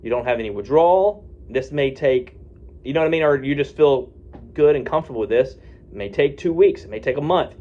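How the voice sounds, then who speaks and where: His voice is a little high, expressive, and a bit fast, and the audio sounds dull. He's a physician speaking informally to camera with addiction-medicine advice, walking through a medication taper in a folksy way and frequently checking in with "okay?" or "right?".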